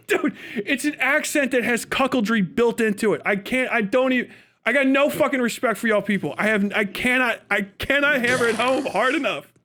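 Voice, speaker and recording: A man's voice: very high-pitched, sing-song, normal speed, pushed and bright. A man hosting a livestream, reacting with profane, mocking commentary and frequent laughter. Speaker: livestream host.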